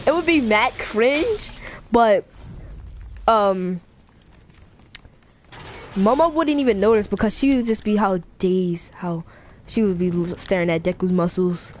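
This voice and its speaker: A woman's voice: mid-range voice, unhurried, long pauses. A woman casually telling a made-up fan story, rambling and slangy. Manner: rambling, slangy, laughs, restarts. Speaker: YouTuber.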